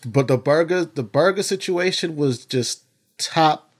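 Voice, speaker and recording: Male co-host, a touch high-pitched, insistent debater. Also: unhurried. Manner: argumentative, makes his case insistently. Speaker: podcast co-host. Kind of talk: casual chat.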